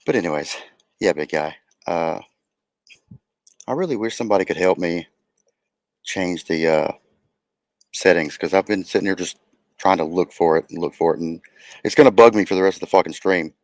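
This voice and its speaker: A man's voice: sits low, moderate pace, pauses often, no echo. A young man hosting a casual streamed podcast, talking in a loose, rambling and profane way. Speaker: podcast host. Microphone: remote stream setup.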